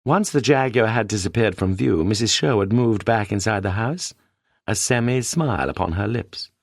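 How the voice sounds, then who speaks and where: A man's voice: on the low side, moderate pace, no echo, clean studio sound. Man narrating a British mystery audiobook. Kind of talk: scripted narration.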